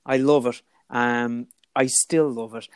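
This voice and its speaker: A man's voice: mid-range voice, fairly even intonation, slow, clean tone, no room sound. A man with a mid-range voice appears as a guest on a casual podcast. He rambles with plenty of enthusiasm. The recording is dry and close.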